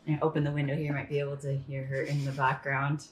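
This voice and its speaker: A woman's voice: a bass voice, monotone, fast talker, slight background noise. A woman on a podcast panel with a wry, dry sense of humor, chatting casually. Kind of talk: casual chat. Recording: roomy echo.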